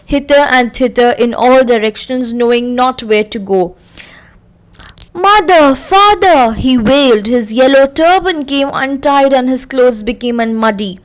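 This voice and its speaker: A woman teacher reading a story aloud slowly and carefully, then explaining it to her class. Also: a little high.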